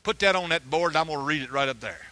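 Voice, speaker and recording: High bright-voiced preacher. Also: male voice, fast, no room sound. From United States. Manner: animated storytelling, stammering restarts, frequent hallelujahs. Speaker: preacher, missionary. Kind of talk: sermon with personal testimony.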